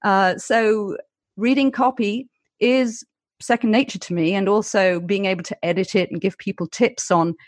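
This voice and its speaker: A woman's voice: medium pitch, fairly even intonation, normal speed, no echo, clean studio sound. A woman with an English received pronunciation accent, a guest author and former broadcaster, talking articulately with wry humor. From Britain. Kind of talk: interview conversation.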